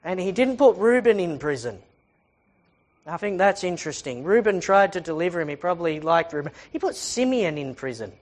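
A woman's voice: lowish voice, big pitch swings, brisk, a little mellow. Chatty woman teaching the Bible. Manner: chatty, asks rhetorical questions, reads scripture aloud.

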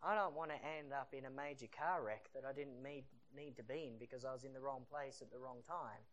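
A preacher giving a sermon in a lively storytelling style, acting out the scenes. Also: medium pitch, brisk, dull audio. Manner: animated storytelling that acts out the scenes.

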